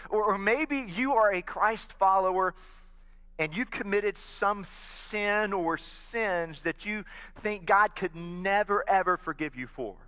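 Bright-voiced male pastor preaching in a church. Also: sits high, slow pace, clean tone. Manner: earnest preaching, prompting the congregation to repeat phrases. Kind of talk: sermon. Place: church sanctuary. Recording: long reverb of a church hall.

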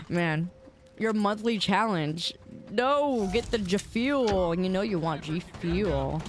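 A woman's voice: mid-range voice, lively intonation, drawn-out words, a little hiss or hum. A woman streaming a game, chatting playfully with her chat and laughing and protesting as she plays. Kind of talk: casual live-stream chatter.

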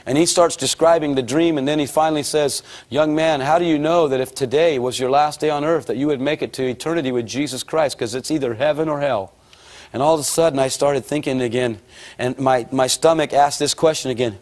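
A middle-aged man preaching, telling his conversion story in an animated way and acting out the voices he quotes. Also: medium pitch, fairly quick. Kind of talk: sermon testimony.

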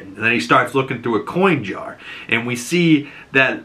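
Bright-voiced man recapping a show casually. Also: mid-range voice, animated, moderate pace. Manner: loose and profane, chatty fillers. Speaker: podcast host.

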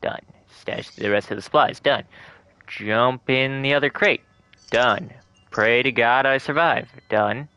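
A man chatting casually and swearing while playing a co-op game, jokey and excitable. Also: medium pitch, a little slow, clean tone, highs cut off. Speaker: streamer playing co-op. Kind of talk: casual gaming chat.

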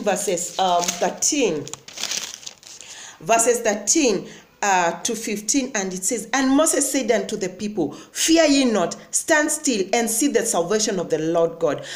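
Echoey woman preaching a sermon. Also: on the high side. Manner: declaring and commanding, repeating phrases. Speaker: prophetess preacher. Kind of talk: sermon with scripture reading.

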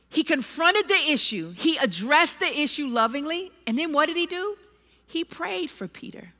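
A woman preacher giving a sermon in a large church, animated and self-deprecating, with dramatic scripture readings. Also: very high voice. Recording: long reverb of a large hall.

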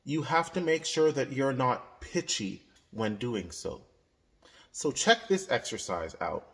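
A man's voice: medium pitch, animated, takes it slowly, a bit bright. A man teaching a singing lesson as a voice coach, explaining exercises and demonstrating vowels. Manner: instructive, demonstrating sung vowels and yodels.

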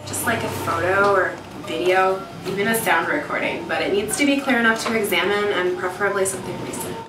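A woman's voice: medium pitch, brisk, music in the background, lightly acted. A woman playing an earnest documentary filmmaker. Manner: casual, filler-laden explaining. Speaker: documentary crew member. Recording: roomy, distant film audio.

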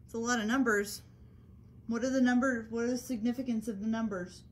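A woman paranormal investigator calmly and persistently asking questions of spirits during a ghost hunt. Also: a little high, brisk. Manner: calm, coaxing, persistent questions.

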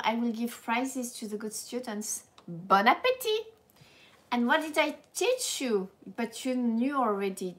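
A woman with a French accent teaching a live language lesson in a playful, animated way, laughing often and slipping into French. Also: fairly high pitch.

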